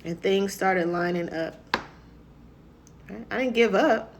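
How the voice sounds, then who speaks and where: A woman's voice: mid-range voice, takes it slowly, creaky, noisy background. Woman speaker, conversational motivational talk, mid-range voice, keeps checking in with listeners. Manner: conversational, keeps asking "right?"; acts out quoted voices.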